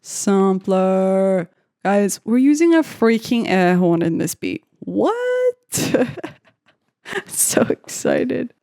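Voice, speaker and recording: A young woman talks her way through making a beat at home, chatty and giggly, half to herself and half to viewers. She speaks at an unhurried pace in a mellow, darker tone. The recording is close and dry. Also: medium pitch, expressive, creaky, dry recording. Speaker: beatmaker making a track on camera. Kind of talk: casual chat while making music.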